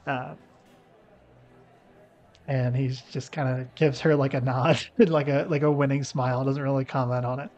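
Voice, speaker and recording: A man's voice: medium pitch, flat delivery, normal speed, long pauses, darkish tone, lo-fi sound. A man narrating a tabletop game as game master, loose and rambling with lots of likes and ums.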